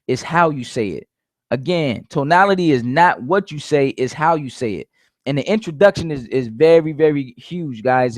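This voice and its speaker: A network marketing coach with a fairly high-pitched voice gives casual sales coaching, hammering his points home by repeating them and addressing listeners as "guys." The studio sound is clean, with no echo.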